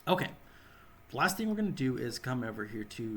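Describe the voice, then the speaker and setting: A hoarse man with a sore throat giving rambling gameplay commentary, correcting himself as he goes. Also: mid-range voice, big pitch swings, brisk, fairly bright tone, slight background noise. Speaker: game channel host.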